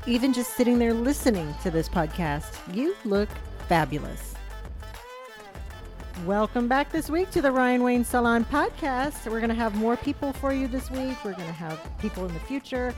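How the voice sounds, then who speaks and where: A woman's voice: a little high, animated, moderate pace, a little mellow, soft background music. A woman co-hosting a casual podcast, teasing and joking with her guests. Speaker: podcast co-host. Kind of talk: casual chat.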